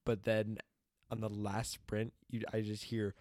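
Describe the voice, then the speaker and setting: A young man trades funny stories with a friend in a relaxed, animated way, swearing freely. His voice sits a little low and the sound is dry and close. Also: measured pace, no room sound. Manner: animated, profane, laughing storyteller. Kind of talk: casual storytelling chat.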